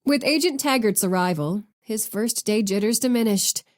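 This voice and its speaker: Woman audiobook narrator, steady expressive read. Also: mid-range voice, moderate pace. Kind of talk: scripted narration.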